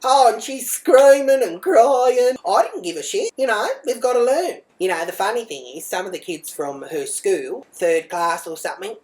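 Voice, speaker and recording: A woman's voice: medium pitch, expressive, normal speed, hardly any pauses, a little mellow. A woman, a mother telling a comic story in character, blunt and crude, swearing freely and rambling off on asides.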